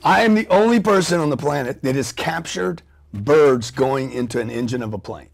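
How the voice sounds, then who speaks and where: A middle-aged man, appearing as a guest on an interview show, spins a story in an animated, profane way, acting out scenes with sound effects and quoted voices. His voice is gravelly and medium-pitched, moving at a normal speed.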